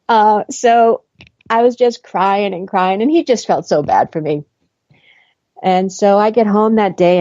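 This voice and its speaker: Woman, storytelling host, animated, acts out dialogue, dry dull-sounding recording. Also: medium pitch, dry recording. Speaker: podcast host. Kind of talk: personal storytelling.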